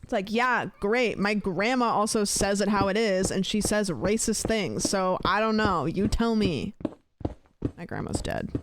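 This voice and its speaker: A young woman streaming a game, reading chat questions in a croaky, sleepy-sounding, tired voice, rambling and sarcastic with plenty of swearing. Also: mid-range voice, a little slow, hardly any pauses, noisy background. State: tired voice, talking quietly.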